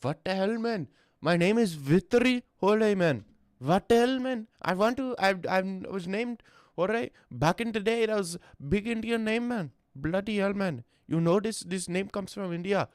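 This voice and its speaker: A man's voice: sits high, unhurried, clean tone, dry recording, clean studio sound, voice pushed up. A man putting on an indignant protesting guy. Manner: exasperated, protesting. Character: indignant man insisting on his roots.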